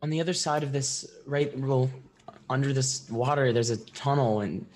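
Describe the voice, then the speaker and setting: A man playing a tabletop game, speaking in a halting, thoughtful way. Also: medium pitch, over music. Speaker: player.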